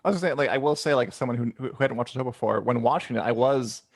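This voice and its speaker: A man co-hosting a casual podcast, who speaks in a measured way with somewhat formal words. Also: mid-range voice, no room sound, clean studio sound. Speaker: podcast co-host. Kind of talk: casual chat.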